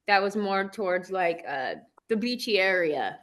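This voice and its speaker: A woman's voice: medium pitch, expressive, unhurried, fairly bright tone. A woman from Southern California with a valley girl accent, hosting a casual online chat, bubbly and chatty, laughing often. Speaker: host.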